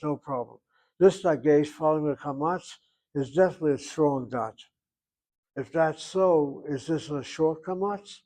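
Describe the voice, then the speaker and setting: A man's voice: medium pitch, darkish tone. Older man teaching a grammar class. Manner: thinks aloud, reasoning back and forth. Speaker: Hebrew teacher.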